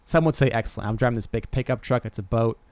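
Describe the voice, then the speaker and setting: A young man talking off the cuff in a comic monologue, mid-pitched and recorded dry and close. He rambles and restarts his sentences, and he pokes fun at himself as he goes. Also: fast talker, a little mellow, no room sound. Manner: rambling, self-deprecating, stammering restarts. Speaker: podcast host. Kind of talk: casual comedic monologue.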